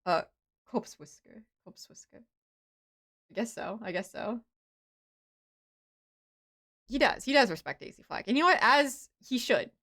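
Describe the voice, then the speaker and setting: A woman streaming a game, chatting casually and rambling with many fillers and restarts, with excited bursts and soft, muttered asides. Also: a little high, moderate pace, long pauses. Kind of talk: casual live-stream chatter while playing.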